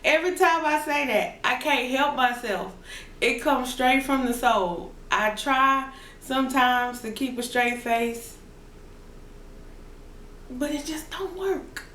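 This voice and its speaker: A woman's voice: high-pitched, slow pace, fairly bright tone, roomy sound, slight background noise. A woman vlogger chatting casually to her viewers in a playful, sing-song way, laughing often. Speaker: mukbang vlogger. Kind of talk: casual chat to camera. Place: at home.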